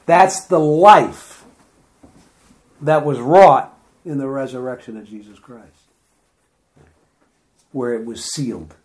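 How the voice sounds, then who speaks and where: A man's voice: mid-range voice, takes it slowly, long pauses. A man giving an informal Bible study talk, enthusiastic and chatty, laughing often as he reads and retells verses. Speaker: Bible teacher.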